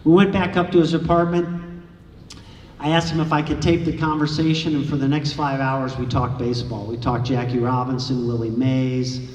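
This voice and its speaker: A man giving an author's talk at a library, telling anecdotes in a lively way and acting out the dialogue. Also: medium pitch, normal speed. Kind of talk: storytelling lecture to an audience. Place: large echoey lecture room. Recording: echoey hall from far off, faint hiss.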